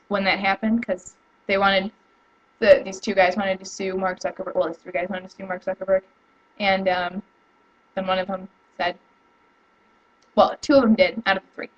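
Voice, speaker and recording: A young woman chatting casually to camera at home, rambling and excitable, with lots of fillers and restarts. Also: medium pitch, normal speed, long pauses, muffled recording. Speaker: vlogger. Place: home room.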